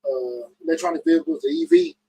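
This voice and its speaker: A man hosting a casual call-in podcast, talking in bursts with frequent restarts and emphatic upward pitch jumps. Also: huge pitch swings, fast, creaky, dark tone, slight background noise, rough recording. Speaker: podcast host.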